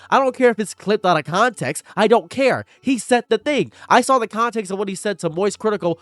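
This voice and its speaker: A man delivering a sarcastic, theatrical commentary rant, swinging between hushed mockery and shouting. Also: high voice, lively intonation, brisk, few pauses, no echo. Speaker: commentary YouTuber. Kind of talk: ranting commentary monologue.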